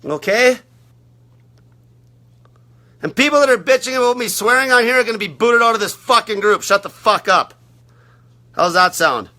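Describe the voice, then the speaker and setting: Loud, bright-voiced man ranting. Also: very high-pitched, moderate pace, long pauses. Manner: aggressive, heavy swearing, blunt. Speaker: fasting coach. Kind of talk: profane ranting monologue.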